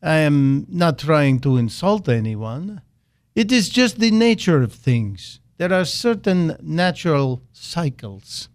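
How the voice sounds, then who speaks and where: A man putting on a deliberately bad fake Russian accent to impersonate a Russian leader, speaking slowly and solemnly. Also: fairly high pitch, very animated, no room sound, studio quality. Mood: mock-solemn.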